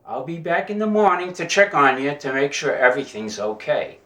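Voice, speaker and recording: A man voicing a smooth-talking young sailor in a joke, in a fairly roomy recording. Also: on the high side, big pitch swings, moderate pace, bright, forceful tone. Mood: eager. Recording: roomy echo.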